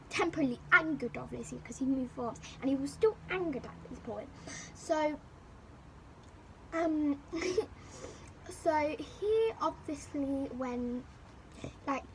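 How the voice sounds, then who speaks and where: A young woman tells a school story straight to camera, with a bright, high voice. She rambles and repeats herself as she goes. A steady wash of background noise sits under the recording. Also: rough recording. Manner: rambling, animated retelling with repeated phrases. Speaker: vlogger. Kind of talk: storytime chat.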